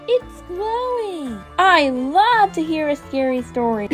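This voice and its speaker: A woman's voice: extremely high pitch, sing-song, slow, few pauses, faint music behind. A woman narrating a toy play story for children, gasping and drawn out in a sing-song way.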